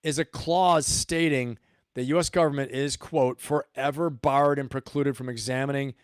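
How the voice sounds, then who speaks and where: A man's voice: mid-range voice, steady tone, moderate pace, clean tone, no room sound, studio quality. Emphatic man hosting a livestream. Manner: emphatic, repeats points for stress. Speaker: host. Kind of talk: livestream commentary.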